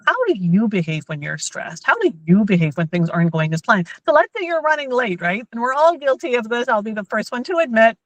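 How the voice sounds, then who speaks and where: A woman and mother giving a lively workshop talk on emotional intelligence to parents and teachers. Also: fairly high pitch, fairly quick, few pauses, no echo, rough recording. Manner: lively, acts out everyday scenes in quoted voices.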